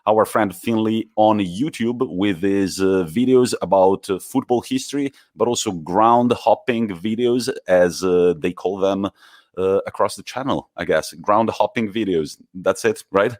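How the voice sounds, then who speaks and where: Deep-voiced Italian man, teasing host. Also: unhurried, darkish tone. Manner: teasing, laughs often, some English slips. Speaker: podcast co-host. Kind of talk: casual podcast chat.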